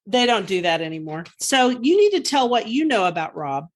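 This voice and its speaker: Friendly female co-host, upbeat and chatty, middle-pitched voice. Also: very animated, a little fast, a little hiss or hum. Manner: chatty, enthusiastic, laughs easily. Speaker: gardening podcast co-host. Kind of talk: casual chat.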